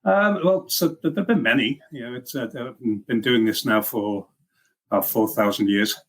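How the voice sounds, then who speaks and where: A middle-aged man from Liverpool, England talks at a moderate pace in a mid-range voice. He's a software engineering leader appearing as a guest in a casual interview chat, with a mixed Liverpool and Welsh accent, plenty of fillers and restarts, and a self-deprecating manner.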